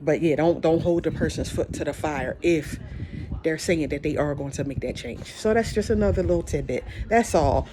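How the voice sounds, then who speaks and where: A podcast host talks straight to listeners in a loose, heartfelt encouraging monologue, circling back and repeating lines as thoughts come. The voice sits at a middle pitch. Steady noise runs under the recording. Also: normal speed. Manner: heartfelt, rambling, repeats phrases, says y'all.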